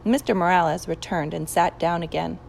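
A woman narrating a children's audiobook chapter in an expressive storytelling manner. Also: on the low side, normal speed, creaky, slight background noise, low-quality recording.

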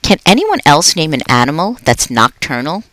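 A stern, quiet schoolteacher speaks firmly and plainly, as a woman reads her lines in a children's storybook. She stays matter-of-fact, with a dry, close sound. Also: low voice, very animated, moderate pace, no room sound.

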